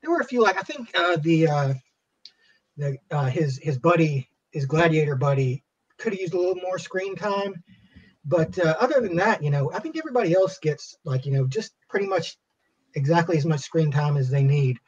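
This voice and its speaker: A man on a film review panel, talking in a halting, casual way, full of "like" and "you know". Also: fairly high pitch, expressive. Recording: dull lo-fi audio.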